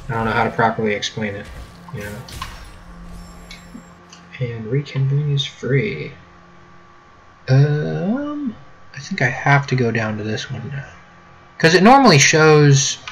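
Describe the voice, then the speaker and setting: A young American man casually commenting on his gameplay, joking and rambling, with a faint hum behind him. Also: medium pitch. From United States. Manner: joking, rambling, mock-British catchphrases. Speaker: gameplay video host. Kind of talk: casual let's-play commentary.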